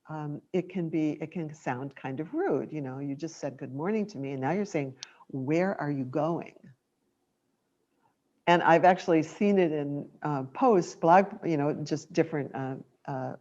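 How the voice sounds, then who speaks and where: Low-voiced woman giving a gentle dharma talk. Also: highs cut off. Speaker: meditation teacher.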